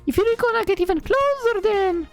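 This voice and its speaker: A woman voicing a bubbly, pushy young heroine in a high, sing-song way, reading a visual novel. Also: expressive, normal speed, soft background music. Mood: teasing.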